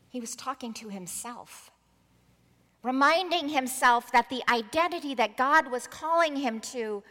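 A woman's voice: on the high side, bright, forceful tone, long reverb tail. A woman preacher giving a sermon, telling a story expressively and acting out the voices in it.

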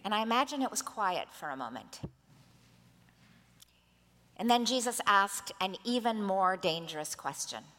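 A woman's voice: medium pitch, animated, measured pace, pauses often, a bit bright, in a large hall. A woman preacher giving a sermon, telling a story expressively and acting out the voices in it.

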